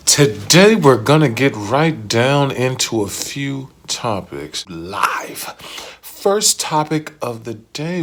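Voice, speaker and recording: A man's voice: on the high side, a bit bright. A man introducing a podcast episode in a teasing, hyped way. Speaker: podcast host. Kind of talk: show introduction.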